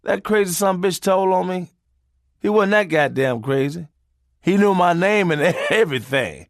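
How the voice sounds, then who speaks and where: A man telling comic family stories in a profane, animated way. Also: high-pitched, normal speed, dry recording, studio quality. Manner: profane, animated, laughs often.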